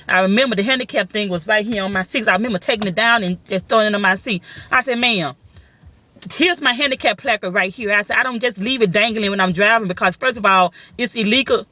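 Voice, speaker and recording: A woman telling a personal story to her viewers in a casual, profane, animated way, her voice jumping high when she quotes herself.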